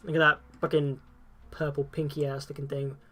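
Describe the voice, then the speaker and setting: A young man, commentating on a live game stream, casual and excitable and swearing freely. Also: on the high side, moderate pace, slight background noise.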